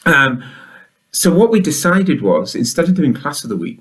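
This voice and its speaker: A man's voice: a little high, sing-song, normal speed, a bit bright. A man hosting a school announcements show, upbeat and chatty, full of enthusiasm.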